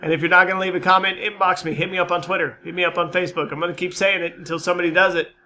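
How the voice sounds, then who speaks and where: A man with a fairly high, forceful, bright voice talks loosely over his own gameplay and channel news. He rambles, mocks his own play and swears freely, in an easy, casual manner. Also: flat delivery, rapid-fire, slight background noise. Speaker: gaming channel host. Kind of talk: casual let's-play commentary and channel update.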